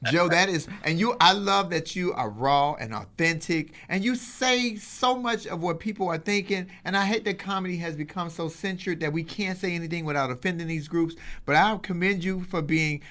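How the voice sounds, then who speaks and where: A man co-hosting a casual chat, loud and playful, often laughing. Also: high-pitched, normal speed, hardly any pauses. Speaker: co-host.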